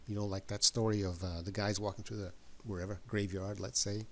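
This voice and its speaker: A man's voice: fairly low pitch, flat delivery, fairly quick. A man giving an emphatic motivational talk, often repeating words and questions for effect. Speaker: motivational speaker.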